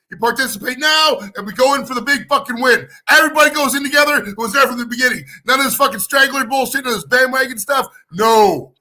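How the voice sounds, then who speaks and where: An American man hosting a live stream podcast, ranting in casual profane chat and shouting when worked up. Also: extremely high pitch. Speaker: podcast host.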